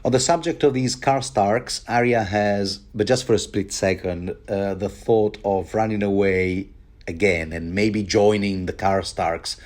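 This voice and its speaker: A man's voice: on the low side, steady tone, measured pace, a little mellow. A man giving a rambling, casual book commentary, wry and chatty with many asides.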